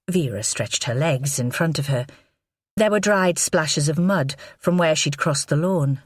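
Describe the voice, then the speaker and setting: A woman narrating a crime novel audiobook in a measured, expressive read on a close mic. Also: sits low, dry recording.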